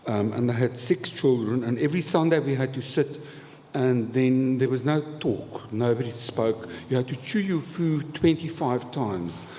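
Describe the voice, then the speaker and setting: A man with a warm, expressive, medium-pitched voice talks at a moderate pace with hardly any pauses, telling a rambling, humorous story about his past as a live festival panel guest. He is chatty, laughs often, and keeps his humour dry. The festival event hall recording has live reverb and faint noise.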